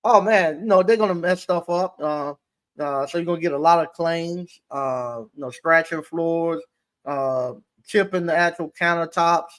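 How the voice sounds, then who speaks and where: A man, an appliance repair business owner, telling stories in a casual interview with a halting, rambling delivery full of restarts. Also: on the high side, fairly bright tone.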